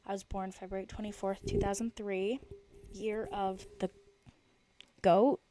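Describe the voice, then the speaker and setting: A woman's voice: mid-range voice, little pitch movement, unhurried, warm tone, a little hiss or hum. A woman of twenty hosting her own podcast, chatting in a rambling, jokey way. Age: 20s. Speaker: podcast host. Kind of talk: casual solo podcast chat.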